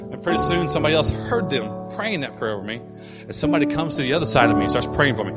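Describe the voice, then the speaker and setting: A man with a voice on the high side talks quickly as he preaches, animatedly voicing each character in his sermon story. Musicians play loudly in the background, and the hall adds a long reverb.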